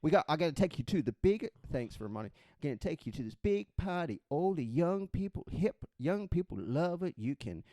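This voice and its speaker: A man voicing a brash, loud American cowboy taxi driver in a put-on drawl, with a lively hustling patter. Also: a little high, a little fast, few pauses, no room sound, studio quality. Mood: hyped. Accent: mock American cowboy drawl.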